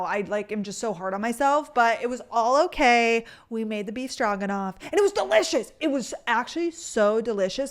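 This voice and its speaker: A woman in her twenties hosting a casual solo podcast, talking fast and loose with lots of "like" and the odd swear word. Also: fairly high pitch. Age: 20s. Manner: chatty, fillers of "like", casual swearing. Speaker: podcast host.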